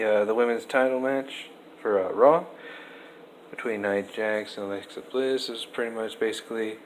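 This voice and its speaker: Young man, casual review, rambling, fillers and restarts, mid-pitched, faint background noise. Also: low-quality recording. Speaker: wrestling show reviewer.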